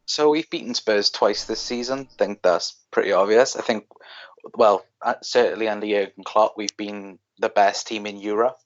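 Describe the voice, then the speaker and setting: Low-voiced Welsh man on a muffled line. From South Wales. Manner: quick opinions, fillers like "like". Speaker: co-host. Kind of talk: casual chat.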